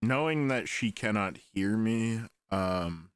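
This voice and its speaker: A man playing a tabletop role-playing game, speaking in a quiet, measured way. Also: lowish voice, lively intonation, smooth, no echo, clean studio sound. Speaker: player. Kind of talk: casual tabletop game play.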